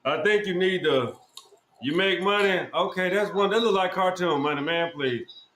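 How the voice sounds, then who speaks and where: A high-voiced man hosts a podcast and scolds his guest in a loud, profane rant, repeating himself over and over. His voice bounces around an echoey room, with a faint hiss of noise underneath. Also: normal speed. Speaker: podcast host.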